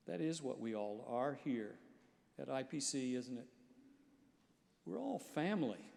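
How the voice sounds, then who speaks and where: Male preacher, earnest storyteller, gravelly tone, long sanctuary reverb. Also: mid-range voice, expressive, moderate pace, pauses often, a little mellow. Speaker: pastor. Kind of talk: sermon. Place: large church sanctuary.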